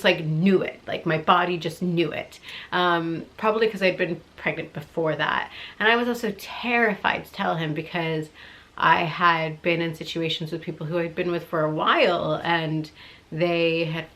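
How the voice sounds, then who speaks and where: A young woman with a slightly low voice tells a personal story straight to the camera. She talks in a chatty, animated way, laughing often and acting out both sides of a conversation. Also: moderate pace. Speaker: vlogger answering viewer questions.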